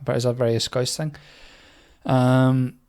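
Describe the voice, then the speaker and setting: A man's voice: medium pitch, level tone, slow pace, darkish tone, clean tone. Sweary man riffing. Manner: sweary, rambling, mocking. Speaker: comedian podcast host. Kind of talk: casual comedic monologue.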